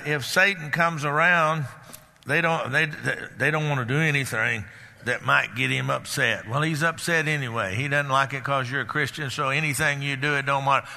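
An older man preaching a sermon as a pastor, folksy and unhurried, often restarting his sentences. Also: medium pitch, vocal fry, sharp tone, big-room sound. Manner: folksy, halting with restarts and fillers.

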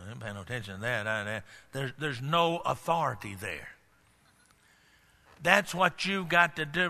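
A man preaching a sermon in a folksy manner, building up to shouted emphasis. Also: a little high, big-room sound.

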